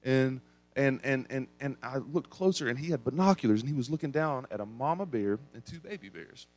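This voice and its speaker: A young adult man from East Tennessee with an East Tennessee accent, preaching a sermon and telling a story with big swings in pitch and volume. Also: expressive, brisk, a little mellow. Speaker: pastor.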